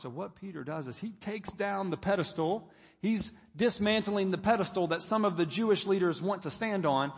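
A man's voice: high voice, slightly rough. Preaching man in a reverberant hall. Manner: preaching, reading scripture aloud with rising emphasis. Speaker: pastor. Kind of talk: sermon.

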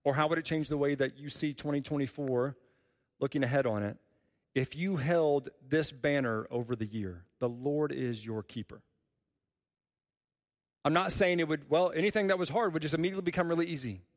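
A man's voice: mid-range voice, long reverb tail. A man preaching a sermon as a pastor, earnest and repeating key phrases for emphasis.

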